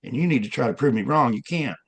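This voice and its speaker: A man with a gravelly, creaky voice speaks as a guest in a casual interview. He wanders from point to point and fills gaps with many ums and restarts. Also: medium pitch, animated, fast talker, a bit bright. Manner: rambling, with many fillers and restarts.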